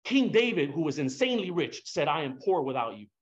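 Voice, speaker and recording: Emotional high-voiced preacher, dull recording. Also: male voice, big pitch swings, brisk. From Hispanic background. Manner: emotional, emphatic, repeats phrases, casual slang. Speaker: pastor. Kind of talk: sermon. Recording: dull lo-fi sound.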